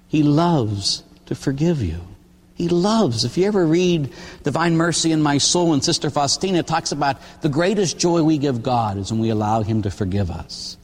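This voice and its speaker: A man's voice: on the high side, lively intonation, normal speed, a little mellow. An older man, a Catholic priest, preaching a sermon in a folksy, storytelling way with frequent "huh?" asides. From Pittsburgh area. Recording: long hall reverb.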